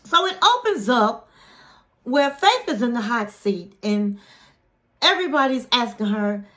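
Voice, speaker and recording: A woman hosting her own online channel, giving a casual, chatty recap of a reality show with an animated, playful delivery. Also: a little high. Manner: animated, playful, drawn-out flourishes. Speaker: YouTube host reviewing a reality show.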